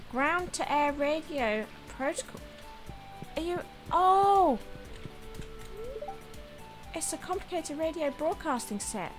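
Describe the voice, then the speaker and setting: A woman's voice: sits high, animated, slow pace, pauses often. A woman casually commenting while she plays a farming game, chatty and easily delighted. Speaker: gaming video host. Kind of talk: casual let's play commentary. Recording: game music under voice. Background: game music.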